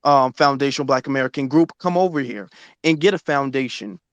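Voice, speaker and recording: A man's voice: medium pitch, a little fast, dry recording. A man hosting a live online audio discussion, arguing his point in an insistent, lecturing way into a phone mic. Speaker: host of a Twitter space discussion. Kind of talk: live audio room debate.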